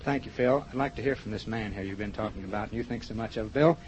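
A man hosting a live radio show, chatting with a guest and reading sponsor gifts in a brisk, chatty manner. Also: fairly low pitch, darkish tone. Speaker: radio host. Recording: dull 1950s radio broadcast with faint hiss.

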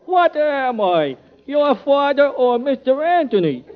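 A high muddled old father, dithering, tinny old radio sound. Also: very animated, unhurried, full character voice. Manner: dithering, confused. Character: bewildered old father, Ivan the Terrible.

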